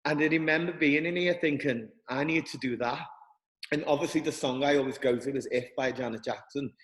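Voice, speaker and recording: A man speaking earnestly and haltingly as a guest, often restarting his sentences. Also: a little high, fairly even intonation, fairly bright tone, long reverb tail, poor audio. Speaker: guest, dance school director. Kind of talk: reflective interview talk.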